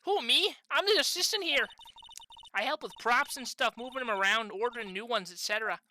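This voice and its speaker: A woman's voice: a little high, brisk, pushed and bright. A woman voicing a polite young female studio assistant with an attempted Canadian accent, apologetic and fussy.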